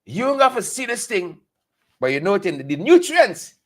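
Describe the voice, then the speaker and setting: A man's voice: high voice, big pitch swings, moderate pace. A man with a Guyanese accent hosting a satirical news commentary, talking with animation and repeating lines for emphasis. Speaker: host.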